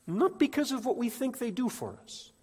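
A man preaching a sermon in a church, animated, swinging between loud emphatic peaks and quiet asides. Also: very high voice, moderate pace, breathy edge. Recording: echoey hall with long reverb.

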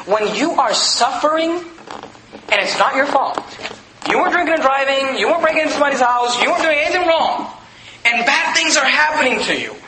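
Male pastor, high bright voice, chatty preaching style, echoey church with faint hiss. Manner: conversational preaching with rhetorical questions and asides. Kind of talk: sermon. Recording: echoey room with faint ambience.

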